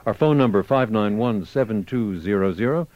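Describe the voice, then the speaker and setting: A man hosting a radio call-in show, talking in a measured way with some fillers. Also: fairly low pitch, expressive, no room sound, dull audio.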